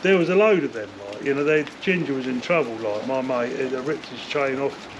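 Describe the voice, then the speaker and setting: An older man, telling rough stories from his past in a rambling interview, swearing often and filling gaps with "like, you know.". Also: mid-range voice, brisk. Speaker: interview guest, former bare-knuckle fighter. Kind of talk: casual storytelling interview. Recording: dull lo-fi sound with faint noise.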